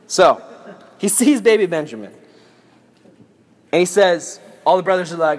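A young man giving a casual, joking Bible lesson, retelling the story in an animated, playful way. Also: high-pitched, unhurried, long pauses. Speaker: youth Bible teacher.

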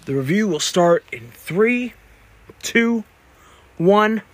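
A man's voice: high-pitched, lively intonation, takes it slowly, a little hiss or hum. Chatty man reviewing a movie. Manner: rambling, chatty, with self-corrections and restarts. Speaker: podcast host. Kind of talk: casual spoken movie review. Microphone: podcast microphone.

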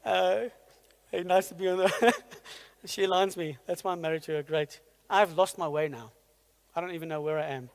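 Pastor guy preaching, kinda high voice, big echoey church hall. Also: normal speed. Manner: energetic, asks the congregation rhetorical questions. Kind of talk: sermon. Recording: long hall reverb in a church.

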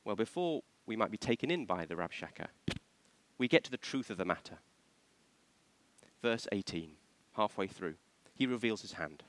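A man's voice: fairly low pitch, animated, normal speed, a bit bright. A man preaching a sermon, asking the congregation questions and acting out the voices he quotes.

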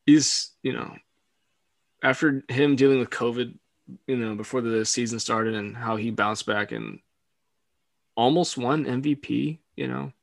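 A man's voice: mid-range voice, a little slow, vocal fry, no echo. A young man co-hosting a casual sports podcast, laughing often and filling gaps with hedges. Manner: laughs often, hedging fillers. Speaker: podcast co-host.

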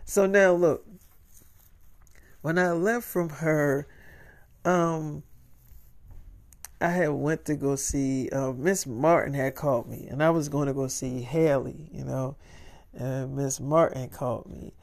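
A man's voice: a little high, fairly even intonation, slow, gravelly, long pauses. A man telling a crude, rambling story in a casual, profane way, acting out dialogue.

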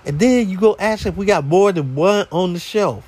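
A man's voice: high voice, moderate pace, a little mellow. A man hosting a podcast, telling a story in a casual, slangy, exasperated way. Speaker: podcast host.

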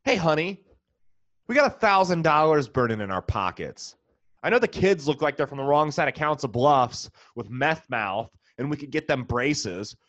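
A man putting on a foolish parent who eagerly proposes to waste money on a celebrity meet-and-greet, in a mock-excited, sarcastic tone. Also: on the high side, moderate pace, voice pushed up. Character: foolish spendthrift parent talking to spouse. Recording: dull lo-fi, dry.

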